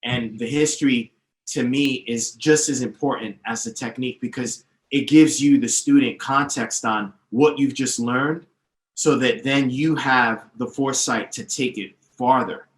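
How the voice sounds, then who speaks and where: Slightly slow and fairly even in intonation, a mid-range male voice carries this podcast interview. The guest, a DJ teacher, is confident and emphatic, explaining at length and naming names and history; the recording is roomy and echoey.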